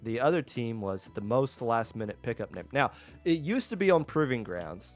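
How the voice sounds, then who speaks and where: A man's voice: mid-range voice, lively intonation, normal speed, soft background music. A man casting a live tournament stream with easygoing, joking banter. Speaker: esports commentator.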